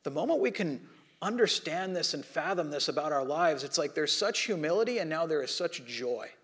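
A man preaching a sermon as pastor, telling a story with animated, acted-out quotes and dropping soft and low for prayerful lines. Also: fairly quick.

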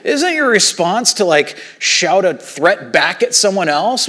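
A man preaching a sermon as pastor, talking casually with rhetorical questions and reading scripture aloud slowly. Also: high voice, sing-song, a bit bright.

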